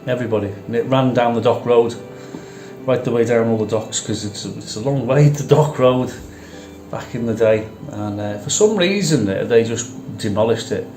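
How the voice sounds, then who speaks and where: A vlog host with a medium-pitched, slightly mellow voice talks at a moderate pace in a casual, conversational way, repeating phrases for emphasis. The room is echoey, with music playing behind him.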